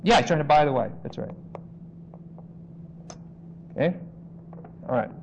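A man's voice: fairly high pitch, expressive, vocal fry, muffled recording, a little hiss or hum. Conversational male Bible teacher. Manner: conversational, checks in with "okay?", slows to stress key phrases. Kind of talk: expository sermon.

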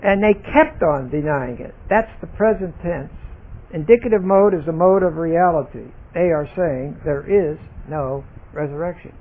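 A man leading a Bible study lesson, explaining grammar deliberately and stressing single words. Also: a little high. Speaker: Bible teacher. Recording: tinny phone-like recording.

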